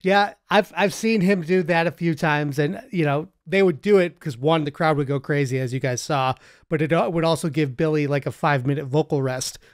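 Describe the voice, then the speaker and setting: A man hosts a casual music podcast conversation, slipping into animated voices when he quotes people. His voice sits fairly high for a man. The recording is close and dry. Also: fairly quick, no echo. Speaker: podcast host. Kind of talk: casual chat.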